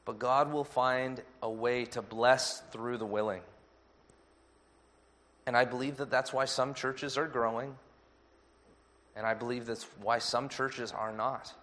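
A man preaching a sermon as pastor, measured and earnest. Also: medium pitch, steady tone, a bit bright.

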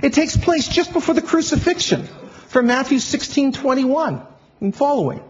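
Lively high-voiced male preacher, lo-fi. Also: moderate pace. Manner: playful teacher-style, quizzing the congregation. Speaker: pastor. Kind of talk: sermon. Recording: dull lo-fi recording.

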